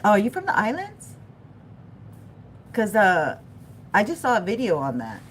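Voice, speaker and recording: A woman's voice: mid-range voice, moderate pace, pauses often, slight background noise. A middle-aged woman giving a live-stream tarot reading, chatting with viewers, laughing often and drifting off topic. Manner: animated and chatty, talks to the chat, laughs often, loses her thread. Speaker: tarot reader.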